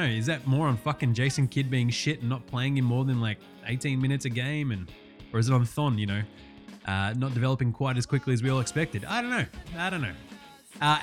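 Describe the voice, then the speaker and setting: A young Australian man hosting a casual basketball chat show, swearing a lot and joking around. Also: mid-range voice. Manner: profane, jokey, animated. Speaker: podcast host.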